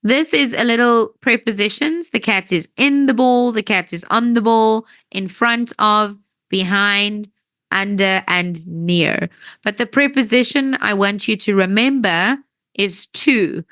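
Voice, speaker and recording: A woman teaching an English grammar lesson, patient and checking that everyone understands, her voice tiring and needing a throat-clear now and then. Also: mid-range voice, measured pace, sharp tone, no room sound. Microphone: wears headphones.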